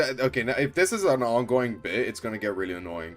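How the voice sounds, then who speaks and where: Excitable, swearing male streamer. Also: mid-range voice, brisk, few pauses. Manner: excitable, profane, laughs often. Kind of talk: casual gameplay commentary. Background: faint game music.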